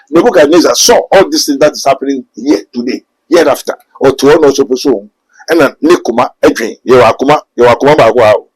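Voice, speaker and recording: A man's voice: medium pitch, rough recording. A man preaching emphatically in a sermon, mixing two languages and rising to a raised voice. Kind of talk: sermon in a talk show.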